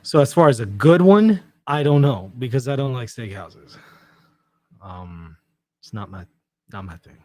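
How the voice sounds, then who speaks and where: A man hosting a livestream, reading out viewer comments in relaxed, self-mocking chat and laughing often. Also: medium pitch, unhurried. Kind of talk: casual chat.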